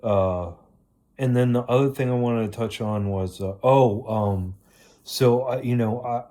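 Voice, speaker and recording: A man talking to his viewers in a rambling casual monologue, halting often with ums and restarts, and swearing casually. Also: mid-range voice, dark tone. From Virginia, United States. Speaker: video creator.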